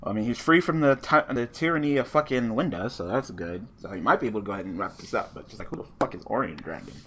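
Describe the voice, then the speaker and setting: Man, bright tense voice, casual gameplay commentary, cursing, excitable. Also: medium pitch, quick pace, slight background noise. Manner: profane, excitable, talks to his opponent. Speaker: online card game player commenting on his match.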